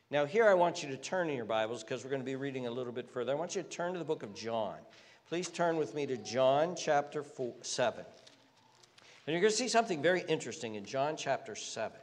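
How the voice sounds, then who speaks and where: A man preaching a sermon in earnest, with many restarts and repeated words, rising in pitch when he stresses a point. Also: animated, fast talker. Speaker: pastor. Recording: long hall reverb.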